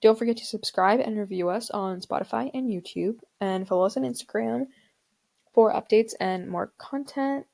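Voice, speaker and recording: Her voice is warm and gravelly, mid-range, at a moderate pace. She's a teenage girl from an Indian family background, casually and dramatically chatting on her own podcast with many fillers.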